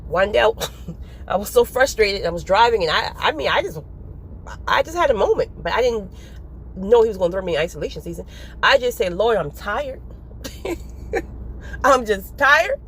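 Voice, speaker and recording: A woman speaks casually to her viewers about faith, in a middle-pitched voice that swings widely up and down. She is animated and keeps breaking into laughter as she talks, with a faint background hum. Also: a little fast, long pauses. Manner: animated, laughing often while talking. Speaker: faith vlogger. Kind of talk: casual spiritual talk to viewers.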